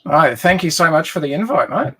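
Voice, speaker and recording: Laid-back Australian man, slightly higher voice. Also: expressive, quick pace, noisy background. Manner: friendly and laid-back, with hesitant ums and restarts. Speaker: guest streamer. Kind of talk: casual live stream chat.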